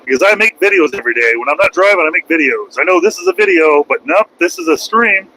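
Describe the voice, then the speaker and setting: A man's voice: a little high, animated, quick pace, pushed and bright, slight background noise, rough recording. A middle-aged man, a trucker, chatting on a casual live stream from his cab, rambling and joking at his own expense. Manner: rambling, joking, self-mocking. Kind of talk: casual live-stream chat while driving.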